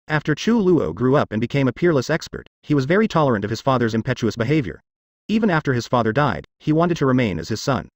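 A man narrating a fantasy webnovel as an audiobook in steady, expressive storytelling. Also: medium pitch, no echo, studio quality.

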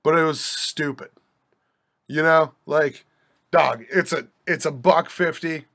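A man's voice: a little high, steady tone, takes it slowly, fairly bright tone. A young man hosting a podcast, telling a rambling anecdote in a wry, joking way with many restarts and asides. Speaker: podcast host. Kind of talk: casual storytelling monologue.

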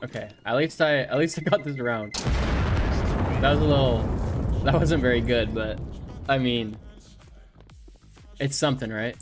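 A man giving excited live gameplay commentary, yelping and swearing whenever something surprises him. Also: mid-range voice, normal speed, long pauses, over music. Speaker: gaming streamer. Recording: loud game gunfire under voice.

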